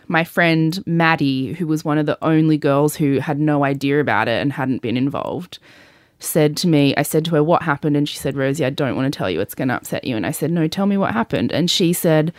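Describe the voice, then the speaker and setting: A woman hosting a podcast, recounting a personal story in loose, chatty talk. Her voice sits on the low side and is recorded dry and close, with no room sound. She fills her sentences with "like" and drops the occasional swear word. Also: dry recording. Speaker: podcast host. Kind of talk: personal storytelling in casual chat.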